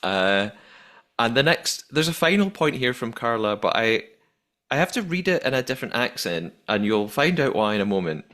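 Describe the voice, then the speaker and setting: Male podcast host, medium pitch, very expressive, laughs easily. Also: normal speed. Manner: animated, laughs often, many restarts. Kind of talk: casual podcast chat.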